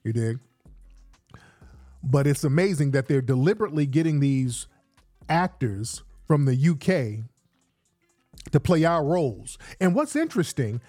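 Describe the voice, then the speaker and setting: A man's voice: a little high, very animated, a little slow, long pauses, mellow, faint music behind. A man hosting a podcast, giving casual commentary in streetwise slang and repeating himself for emphasis. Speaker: podcast host.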